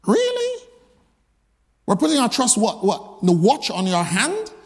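A man's voice: high voice, big pitch swings, moderate pace, slightly rough, in a large hall. A male pastor preaching a sermon, emphatic and full of rhetorical repeated questions.

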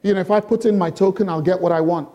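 In a sermon, a middle-aged man of the cloth keeps posing rhetorical questions to his listeners, moving from slow, emphatic phrases into fast bursts. He has a high, warm voice with fairly even intonation, and the recording's highs are cut off.

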